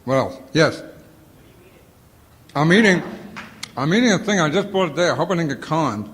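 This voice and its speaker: A man telling comic stories to an audience in animated bursts, with a sore throat and a lozenge in his mouth. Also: fairly high pitch, normal speed, in a large hall. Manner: animated storytelling, acts out quotes. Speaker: comedian answering audience questions. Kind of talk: casual Q&A talk. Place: auditorium before a live audience.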